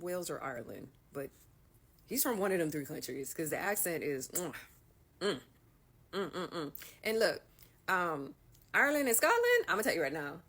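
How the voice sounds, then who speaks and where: American woman, blunt, funny, slightly low voice, casual social video. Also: breathy edge. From United States. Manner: blunt, lively, humorous. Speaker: veteran. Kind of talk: casual chat.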